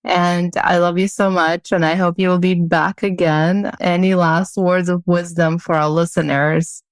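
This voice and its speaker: A woman hosting a podcast interview, effusive and unhurried as she thanks her guest. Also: on the low side, flat delivery, no echo. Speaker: podcast host.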